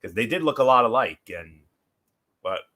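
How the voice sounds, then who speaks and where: A man's voice: mid-range voice, lively intonation, normal speed, pushed and bright. A man hosting a casual wrestling talk show, rambling through memories with many fillers and restarts. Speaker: podcast host.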